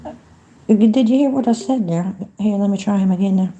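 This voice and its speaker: A woman's voice: mid-range voice, a little fast, mellow, slight background noise. A woman livestreaming from home in a folksy, chatty manner, talking to her viewers and to a phone voice assistant. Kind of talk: casual livestream chat.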